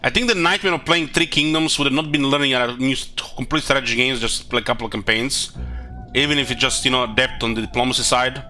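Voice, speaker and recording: A man's voice: mid-range voice, fast, bright, forceful tone, faint music behind. A man streaming a video game, chatting casually in a rambling, profane way with lots of fillers. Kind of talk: casual gaming commentary.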